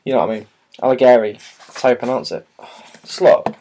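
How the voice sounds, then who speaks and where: A man's voice: mid-range voice, expressive, fast talker, darkish tone, breathy edge. Rambling man unboxing a book. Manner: rambling, hesitant, many fillers and restarts. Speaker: vlogger. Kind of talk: casual book unboxing chat.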